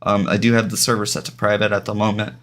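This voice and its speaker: A man's voice: fairly low pitch, level tone, fast talker, a bit bright. A man streaming a game live, rambling casually to his viewers and often restarting his sentences. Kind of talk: casual live-stream chat while gaming.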